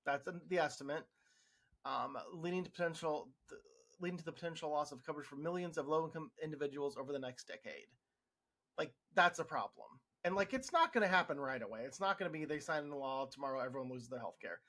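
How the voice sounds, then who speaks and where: An American man who works in healthcare hosts a podcast, speaking fast in a slightly high, animated and somewhat bright voice. His monologue is a frustrated, sarcastic opinion piece full of restarts.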